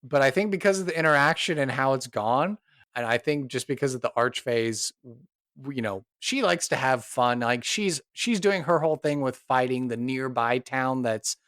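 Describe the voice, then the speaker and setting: A man's voice: medium pitch, animated, normal speed, a bit bright, dry recording, clean studio sound. A man narrating a tabletop game as game master, rambling and upbeat with lots of fillers.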